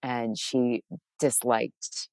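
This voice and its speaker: Low-voiced chatty woman, faint Massachusetts accent. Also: level tone, very slow, a little mellow, no room sound. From Massachusetts, USA. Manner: chatty, bubbly, laughs often, many restarts. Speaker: author guest. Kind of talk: casual interview chat.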